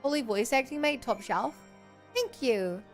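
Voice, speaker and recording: Woman game streamer, playful chatty talk, slightly higher voice. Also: lively intonation, a little slow, soft background music. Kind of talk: casual live-stream chat.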